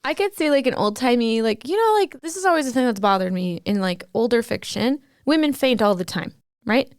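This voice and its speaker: Chatty podcast lady thinking out loud, dry close mic. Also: on the high side, expressive, a little fast, clear, resonant tone, dry recording. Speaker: podcast co-host. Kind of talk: casual chat.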